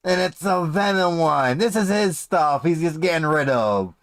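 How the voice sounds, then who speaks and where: A man's voice: on the high side, lively intonation, unhurried. A man giving crude, sarcastic commentary as he reacts to a video, swearing often. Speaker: streamer reacting to a clip.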